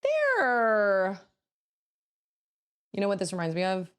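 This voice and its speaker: A woman in her thirties chatting casually on a livestream, rambling to herself as she builds, her voice a little rough. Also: medium pitch, huge pitch swings, takes it slowly, fairly bright tone. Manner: chatty, rambling, self-talking while building. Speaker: streamer.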